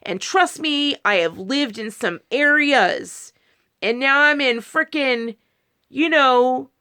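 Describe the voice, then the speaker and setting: A woman with a bright, forceful tone and a fairly high voice tells a personal story straight to camera. She rambles, restarts her sentences and breaks into quoted lines of dialogue as she goes. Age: adult, married. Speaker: video creator. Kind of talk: casual monologue to camera.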